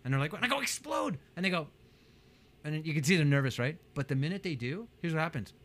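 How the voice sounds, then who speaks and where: An energetic man talks as a coach in an interview, his slightly high voice leaping around constantly. He acts out little scenes in other people's voices, jumping far up in pitch for emphasis. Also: fast talker. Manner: energetic, acts out quotes with big pitch jumps. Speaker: guest, business coach. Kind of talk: animated interview talk.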